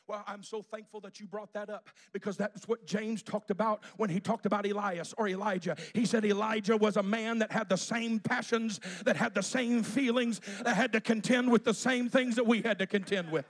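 A man's voice: high-pitched, fairly even intonation, moderate pace, few pauses. A male pastor preaching a sermon to a congregation in a church, using repetition and call-and-response.

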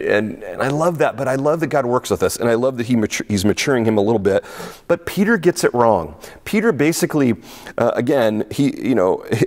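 A man preaching a sermon as pastor, talking in a lively, conversational way with frequent fillers and restarts. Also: fairly low pitch. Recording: long hall reverb.

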